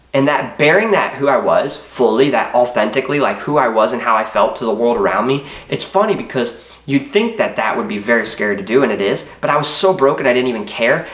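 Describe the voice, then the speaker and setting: A man's voice: medium pitch, a bit bright. Earnest young man in an echoey room. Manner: earnest, emotional, confessional, with hesitations. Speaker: motivational speaker. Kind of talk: personal story told to camera.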